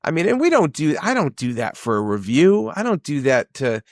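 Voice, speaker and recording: A man's voice: a little high, huge pitch swings, brisk, no echo, studio quality. A man who owns a home service business, chatting casually and telling long stories full of fillers and acted-out quotes. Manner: rambling storyteller, many fillers, acts out quotes. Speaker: business owner, podcast guest. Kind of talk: casual conversation.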